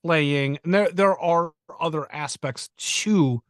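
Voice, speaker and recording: A man co-hosting a laid-back chat show. His voice sits a little high and sounds dry and close to the mic. He thinks out loud, stumbles over the first words of a sentence, and chuckles between points. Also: slow pace, no echo. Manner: repeats words when starting, chuckles, thinks aloud. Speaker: podcast co-host. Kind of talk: casual chat.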